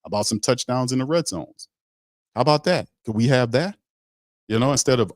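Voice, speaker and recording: A man's voice: mid-range voice, lively intonation, fairly quick, long pauses, no room sound, studio quality. A man hosting a sports talk show in a blunt, emphatic rant that repeats points for emphasis.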